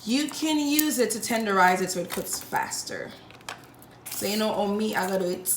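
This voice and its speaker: A woman's voice: medium pitch, animated, normal speed, slight background noise. A woman hosts a casual cooking vlog from a home kitchen, chatty and teasing. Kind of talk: casual chat. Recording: echoey room with music.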